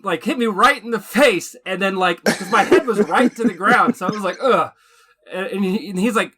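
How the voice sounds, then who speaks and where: A man co-hosting a podcast, telling a drinking story with animated, laughing, profane delivery. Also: sits high, fairly quick. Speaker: podcast co-host, army veteran. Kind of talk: casual storytelling chat.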